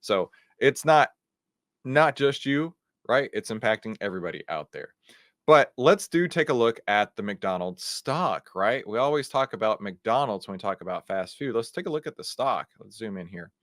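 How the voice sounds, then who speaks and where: Guy hosting a commentary show, kinda low voice, super animated and fired up, dry close sound. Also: moderate pace, no echo. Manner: animated, incredulous, conversational with fillers. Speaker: host. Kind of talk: energetic news commentary.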